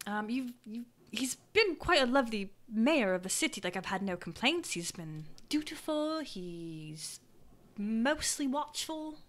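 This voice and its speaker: A woman's voice: a little high, sing-song, unhurried. Rambling woman running a tabletop game. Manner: rambling, full of likes and ums. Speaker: game master. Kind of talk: playing a grieving townswoman in a tabletop game. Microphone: video call.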